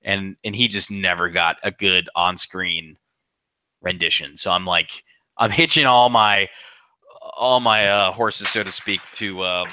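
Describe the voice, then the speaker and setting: A man co-hosting a casual movie chat, excitable and profane, often stumbling and restarting. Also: low-pitched, a little slow, no room sound. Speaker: podcast co-host.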